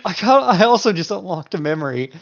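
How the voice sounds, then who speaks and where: A young man co-hosting a casual podcast, telling animated stories and putting on voices for the people in them. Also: sits high, fast talker, muffled recording. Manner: animated storyteller acting out voices in anecdotes. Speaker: podcast co-host. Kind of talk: casual chat.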